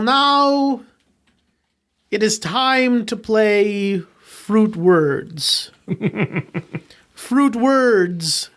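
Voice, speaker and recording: A comedy podcast co-host announcing an improv game with slow, deliberate, mock-formal delivery. Giggles break into the explanation now and then. The pace stays notably unhurried. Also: medium pitch. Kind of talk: casual comedy chat.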